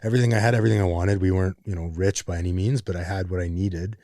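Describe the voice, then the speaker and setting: A man hosting a podcast interview, speaking in a measured, reflective way about his own past. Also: low-pitched, steady tone, mellow, no room sound, studio quality. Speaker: podcast host. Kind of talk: interview conversation.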